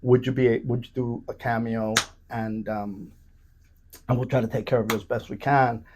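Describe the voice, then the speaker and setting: A man on a podcast telling profane, animated stories with lots of restarts. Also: mid-range voice, normal speed, background noise. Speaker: podcast guest. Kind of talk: casual storytelling. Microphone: studio podcast mic.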